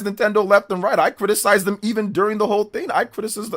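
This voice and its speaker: A man's voice: high voice, fast, fairly bright tone. A middle-aged man streaming live, combatively mocking viewers in his chat and laughing them off.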